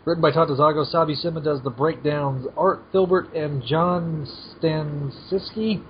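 A man's voice: a little high, steady tone, moderate pace, a little hiss or hum. A man co-hosting a podcast, casually summarizing a comic, easygoing and chuckling, stumbling over names. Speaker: podcast co-host. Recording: dull lo-fi mic, faint ambience.

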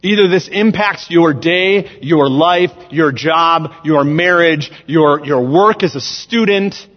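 A man's voice: a little high, takes it slowly. Earnest man preaching in a big echoing hall. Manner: earnest, emphatic preaching with scripture reading. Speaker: student ministries director preaching. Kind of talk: sermon. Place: church sanctuary. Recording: dull sound in a large reverberant church hall.

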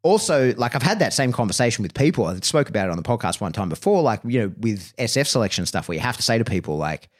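A man's voice: medium pitch, fast talker, hardly any pauses. A man, a dog trainer hosting a podcast, talking frankly in casual chat with lots of "like" and swearing. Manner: lively and frank, swearing, many fillers like "like" and "right".

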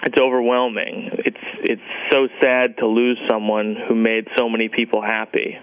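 A man's voice: medium pitch, normal speed, clean tone, dry recording, phone-quality sound. Wry, earnest man telling a story. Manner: wry, earnest, deadpan delivery of punchlines. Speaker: storyteller reading a personal tribute. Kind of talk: comedic personal storytelling.

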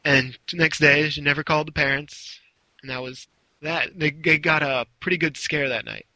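A man's voice: fairly high pitch, fairly even intonation, normal speed, pushed and bright, no room sound, rough recording. A man casually telling a long story, rambling a little and acting out the quotes. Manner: rambling, with restarts and acted-out quotes.

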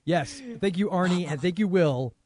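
A man co-hosting a movie podcast in casual chat, teasing and joking with quick asides. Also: high voice, crowd noise. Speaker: podcast co-host.

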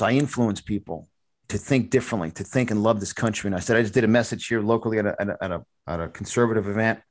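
A man hosting a talk show, telling a long story in an animated, preachy way, often restarting his sentences. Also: fairly low pitch, no echo. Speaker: podcast host and conservative speaker. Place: studio.

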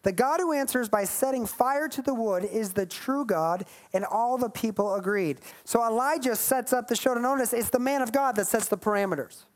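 A woman delivers a sermon, reading scripture and adding emphatic, lighthearted asides. Her voice sits somewhat high for a woman. She presses her points with repetition. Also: moderate pace, few pauses. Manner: emphatic, playful asides, reads scripture aloud. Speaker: preacher.

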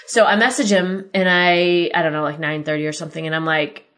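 A woman's voice: on the low side, flat delivery, brisk, a bit bright. A woman hosting a podcast, telling a personal story in a candid, exasperated way and swearing freely. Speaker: podcast host.

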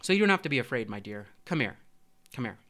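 A large sly crab, coaxing and wheedling, luring a small fish closer, as a man reads him. A storybook reading of a smooth-talking predator. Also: medium pitch, sing-song, fast, fairly bright tone.

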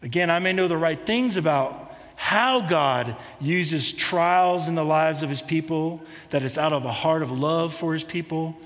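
High-voiced male pastor preaching. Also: a little slow, fairly bright tone, long reverb tail. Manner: conversational preaching with rhetorical questions. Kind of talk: sermon.

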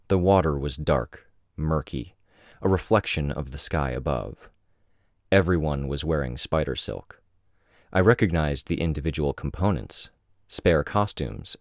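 A man with a very deep, low voice reads first-person narration at a measured pace. The sound is close and completely dry, with no room around it. His delivery stays even and steady throughout. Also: no echo. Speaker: audiobook reader.

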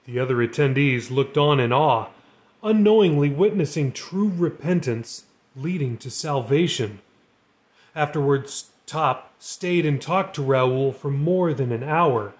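Man reading a story aloud. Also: fairly high pitch. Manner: steady storytelling narration. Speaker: narrator. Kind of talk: live audiobook reading.

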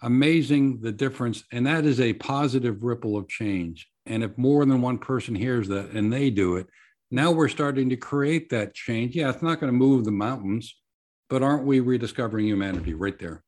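Guy being interviewed, earnest and measured, tells it like a story, normal mid-pitch voice. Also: a little mellow. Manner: earnest, measured, tells stories with quoted dialogue. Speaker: nonprofit founder guest.

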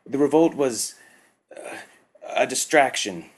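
Cowering alien worker, audiobook, stammering and raised in pitch, performed by a man. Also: slow, husky. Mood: nervous. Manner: stammering, sobbing report.

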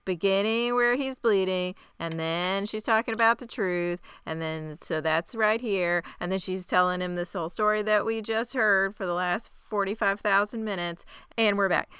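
Woman with a very clear, bright voice. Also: mid-range voice, moderate pace, no room sound, studio quality. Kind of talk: casual chat recapping a TV show.

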